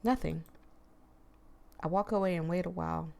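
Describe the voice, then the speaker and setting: A woman's voice: lowish voice, moderate pace, gravelly, warm tone. A woman playing a horror visual novel, reading the narration aloud and breaking off into chatty, rambling asides. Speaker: gaming streamer.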